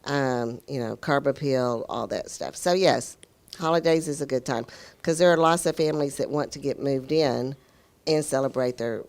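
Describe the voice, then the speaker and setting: A woman's voice: a bass voice, normal speed, a little mellow. A woman appearing as a real estate guest on a morning radio show, answering in a friendly, easygoing way. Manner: friendly, easygoing, laughs readily. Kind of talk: casual radio interview.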